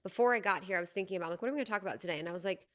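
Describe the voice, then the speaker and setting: A woman's voice: fairly low pitch, rapid-fire, a bit bright. A young adult woman hosting a podcast, chatting casually and animatedly, often laughing and saying "like". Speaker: podcast host. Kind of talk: casual conversation.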